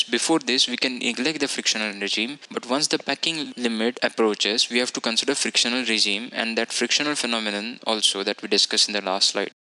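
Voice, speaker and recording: A man narrating a technical software lecture, explaining each model setting in a methodical way and now and then correcting himself. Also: medium pitch, low-quality recording. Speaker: instructor.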